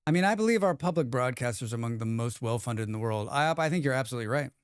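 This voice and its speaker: A young man rambles through a relaxed live-stream chat and reads viewers' messages back to them. His voice is smooth and clear, recorded dry and close with hardly any room sound. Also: medium pitch, rapid-fire, no echo. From United States.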